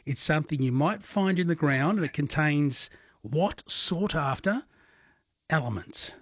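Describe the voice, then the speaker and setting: An Australian man runs a late-night radio quiz with a casual, joking manner. His voice sits a little high and sounds husky. The studio sound is dry and close. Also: expressive, a little slow, a bit bright, dry recording. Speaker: overnight radio quiz host.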